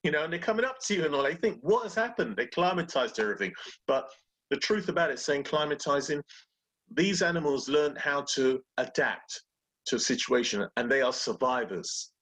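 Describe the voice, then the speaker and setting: A man's voice: fairly high pitch, a little fast. A man talking casually about beating fear and growing, acting out little inner voices as he goes. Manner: animated, acts out inner voices. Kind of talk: casual motivational talk.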